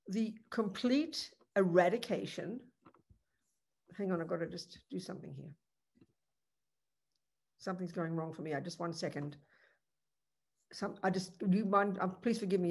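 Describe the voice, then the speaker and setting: A woman speaking as a Buddhist nun at a mid pitch, teaching a group in an earnest, conversational way. She poses rhetorical questions, restarts her sentences and adds frequent asides to her listeners. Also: breathy edge.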